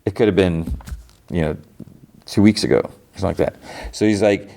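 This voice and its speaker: A man's voice: low voice, fairly even intonation, quick pace, dark tone. A man hosting a podcast, recapping an episode in a rambling casual way, full of fillers and restarts, briefly acting out quoted lines. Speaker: podcast host.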